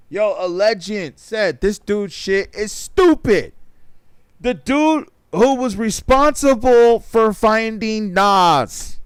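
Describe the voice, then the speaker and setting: A man's voice: high voice, a little hiss or hum. A man hosting a talk show on a livestream, chatting casually in a rambling, profane and emphatic way.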